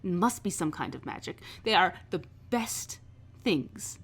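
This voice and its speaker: A woman's voice: fairly low pitch, lively intonation, measured pace, slightly rough, heavily acted. A woman voicing a brash, eccentric female boss with a grand, theatrical manner in a tabletop game. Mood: gushing.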